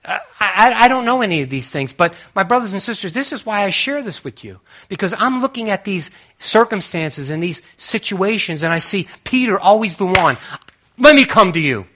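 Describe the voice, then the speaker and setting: A man's voice: high-pitched, expressive, normal speed, hardly any pauses, pushed and bright. A man preaching a sermon in a conversational way, asking many rhetorical questions and often restarting his words.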